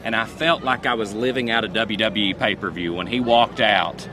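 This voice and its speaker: A young man in his twenties, a fan, telling an excited story outdoors with lots of "like.". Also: on the low side, moderate pace, poor audio. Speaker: fan guest. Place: outdoors outside an arena. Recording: loud crowd outdoors.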